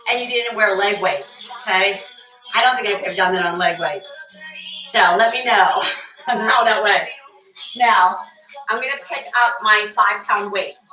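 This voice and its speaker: A woman's voice: medium pitch, unhurried, pushed and bright. A female fitness instructor leading a barre workout class, cueing moves, counting reps and chatting with class members by name. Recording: echoey room, voice from far off, faint music.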